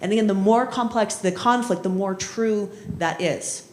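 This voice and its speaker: A woman's voice: mid-range voice, normal speed, darkish tone. A conversational woman trainer in an echoey room. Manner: conversational, often adds "right?" and acts out quoted voices. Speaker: conflict trainer. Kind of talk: workshop lecture with storytelling. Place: municipal training session room.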